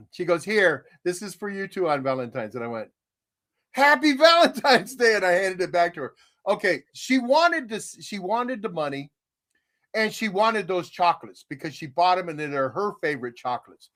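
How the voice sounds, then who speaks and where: An older man with a slightly raised pitch tells a homey story at an easy, rambling pace. He talks in a folksy, relaxed way, chuckling often as he goes. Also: normal speed. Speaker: podcast co-host. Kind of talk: casual chat.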